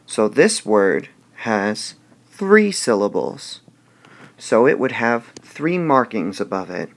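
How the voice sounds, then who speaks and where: A male teacher giving a recorded video lesson, explaining slowly and deliberately and drawing out example words. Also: on the low side, sing-song.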